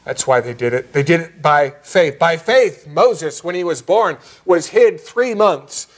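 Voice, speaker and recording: Higher-voiced man preaching a sermon. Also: expressive, a little slow. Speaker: pastor. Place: church sanctuary.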